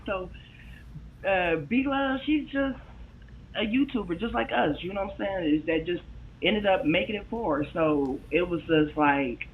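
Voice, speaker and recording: A woman's voice: low-pitched, slight background noise. A woman guest chatting casually on a live stream, slangy and laughing often, heard over a video call. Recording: tinny remote call audio.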